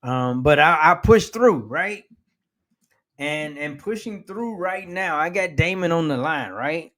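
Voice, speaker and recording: A man hosting a podcast, who talks slowly and haltingly, repeating words as he works through his thoughts. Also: on the high side, expressive, fairly bright tone. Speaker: podcast host. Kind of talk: casual podcast conversation.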